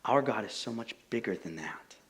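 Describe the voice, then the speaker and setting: Lively young male pastor preaching. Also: lowish voice, normal speed. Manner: animated storytelling, many fillers like "like". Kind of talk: casual conversational sermon.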